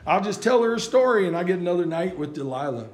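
A man's voice: sits high, sing-song, fast talker, darkish tone. Sex: man. Figure: a preacher doing a cocky, boastful strongman. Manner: offhand, overconfident. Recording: echoey room.

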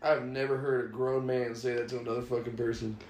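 A man's voice: medium pitch, level tone, fast talker, a crowd in the background. A man hosting a podcast, teasing his friends with crude, swear-filled jokes. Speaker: podcast host. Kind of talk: casual podcast banter. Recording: roomy echo.

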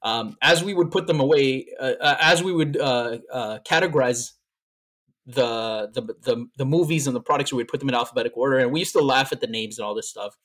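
A man's voice: medium pitch, a little fast, fairly bright tone. A man co-hosting a podcast in casual chat, telling stories in a playful, teasing way and tripping over his fillers. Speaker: podcast co-host.

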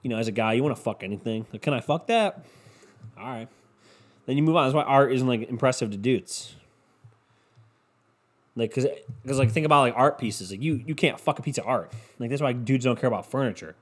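A man's voice: medium pitch, a little fast, breathy edge. Solo podcast host, young adult man, casual crude storyteller, profane and rambling.

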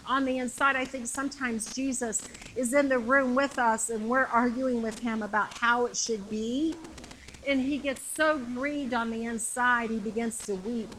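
A woman's voice: a little high, steady tone, normal speed, a little hiss or hum, low-quality recording. Impassioned woman preaching a sermon. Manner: impassioned, repetitive, shouts climactic lines.

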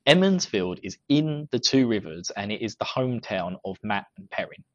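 A man's voice: on the low side, expressive, normal speed, no room sound, lo-fi sound. A British man co-hosting a podcast in casual banter, joking and laughing often. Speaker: podcast co-host and editor.

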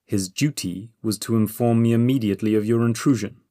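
A man voicing a cold, menacing masked sorcerer lord in an audiobook, with icy, drawn-out threats. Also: lowish voice, dark tone, lightly acted.

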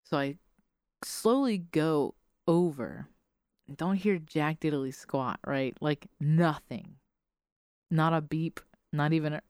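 A woman podcast host telling a casual story with animated quoted voices and frequent laughs. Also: low voice, takes it slowly, pauses often, clean tone, no room sound, studio quality.

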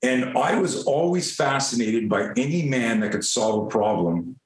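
Older male guest, lively self-mocking storyteller, salty language, room echo. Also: medium pitch, normal speed. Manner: animated, self-mocking, swears freely. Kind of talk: casual storytelling. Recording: roomy echo.

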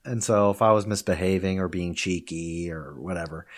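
A man with a fairly low voice talks as a podcast guest. He tells stories in a relaxed, conversational way, often breaking into laughter. The lively storytelling carries a teacher's easy confidence. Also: moderate pace. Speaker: interview guest, Chinese professor. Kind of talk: casual interview chat.

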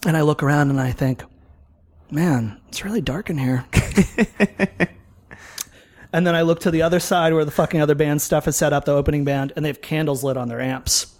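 Casting: slightly high-voiced man, animated, swears a lot, tells stories in casual chat. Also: a little fast, pauses often. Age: older than mid-twenties. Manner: profane, animated storytelling with acted-out quotes.

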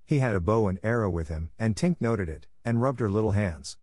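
A man narrating a storybook audiobook with a measured, expressive reading on a close mic. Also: fairly low pitch, no room sound.

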